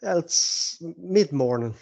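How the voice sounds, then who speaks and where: An easygoing man with a slightly high voice runs the game as its game master. He narrates the scene casually and chuckles as he goes. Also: expressive, slow pace, creaky, a little mellow.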